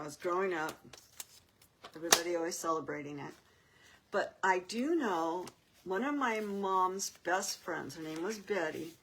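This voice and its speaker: An older woman hosting a crafting video, chatting casually and rambling as she works, with soft laughs. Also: fairly low pitch, slight background noise. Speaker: crafting channel host.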